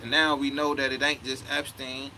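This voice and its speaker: A man's voice: medium pitch, level tone, moderate pace, very noisy. A man in his thirties telling a story in a heated, profane way, often quoting himself. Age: 30s. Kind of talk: casual storytelling rant.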